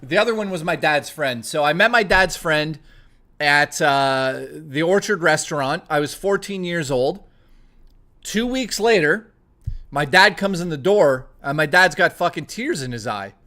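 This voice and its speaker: A man's voice: on the high side, animated, measured pace, sharp tone. A man streaming live, telling a story in a rambling, profane, casual way while thanking his viewers. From Toronto, Canada.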